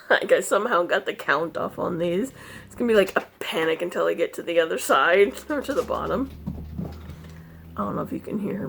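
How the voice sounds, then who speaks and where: A woman chatting casually in a crafting vlog, easily distracted and laughing often, scolding her cat now and then in a higher voice. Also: vocal fry, sharp tone. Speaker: cross-stitch vlogger.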